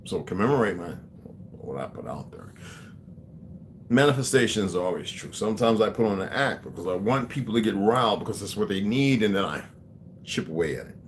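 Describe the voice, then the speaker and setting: A man's voice: fairly low pitch, animated, fairly quick, a little hiss or hum. A man talking casually to his viewers, rambling with many restarts and asides.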